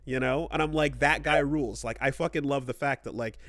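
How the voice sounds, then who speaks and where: A man's voice: medium pitch, steady tone, fairly quick, creaky, fairly bright tone, no echo. A man co-hosting a gaming podcast, talking casually and at length, swearing freely and acting out characters' lines. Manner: rambling, profane, acts out characters' lines. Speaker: podcast co-host.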